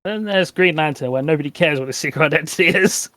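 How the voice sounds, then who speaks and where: A man's voice: on the high side, fast talker, sharp tone, no room sound. A man hosting a game stream, chatting casually with friends, joking and swearing freely. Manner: crude, joking, swears a lot. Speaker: streamer host. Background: game music.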